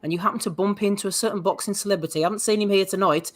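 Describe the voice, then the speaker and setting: A man's voice: sits high, fairly even intonation, very fast. A man hosting a casual podcast, introducing segments and teasing the guest. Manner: jokey, teasing. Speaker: podcast host.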